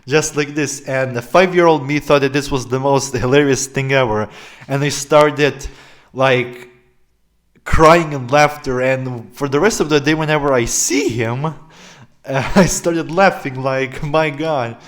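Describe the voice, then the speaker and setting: A young man tells a funny family story to his viewers in a loose, rambling vlog style. He keeps breaking into laughter and fills his sentences with hesitations and "like". His voice sits at an ordinary middle pitch. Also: a little slow. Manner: rambling, laughs often, many fillers. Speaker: vlogger. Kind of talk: casual story-time vlog.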